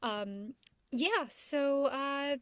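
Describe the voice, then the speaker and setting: A woman's voice: high voice, expressive, extremely slow, a bit bright, no room sound. A woman, a voice actor who also coaches, chatting upbeat on a podcast with many fillers. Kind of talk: casual podcast chat.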